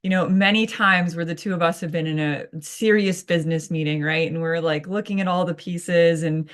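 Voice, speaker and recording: A woman's voice: on the low side, fairly even intonation, normal speed. A woman co-hosting a spiritual chat, talking casually with lots of "you know" and "um" fillers. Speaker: co-host.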